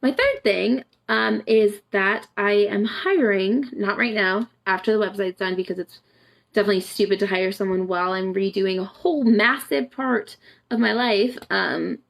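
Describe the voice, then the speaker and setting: Gravelly, profane young woman chatting live. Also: moderate pace. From United States. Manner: chatty and profane, laughing often, acting out quotes in a higher voice. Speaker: boudoir photographer hosting a live stream. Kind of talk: casual livestream chat.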